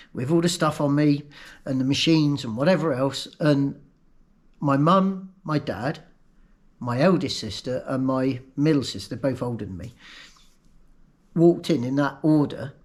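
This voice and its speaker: A man candidly recounting a painful personal story, emotional and halting in places. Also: a little high. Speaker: vlogger recounting his own accident.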